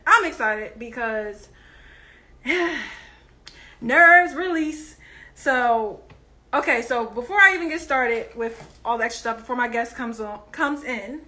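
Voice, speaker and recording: High, bright-voiced woman hosting a live chat. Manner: chatty, nervous and excited, many fillers. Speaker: host. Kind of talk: casual live interview.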